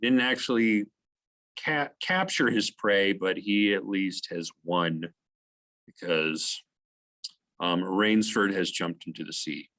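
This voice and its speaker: A man's voice: sits low, takes it slowly, fairly bright tone, rough recording. Guy teaching a lit lesson on tape, chatty, asks questions, lots of okays and ums. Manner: conversational, asks questions, with frequent "okay" and "um". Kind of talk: recorded literature lesson.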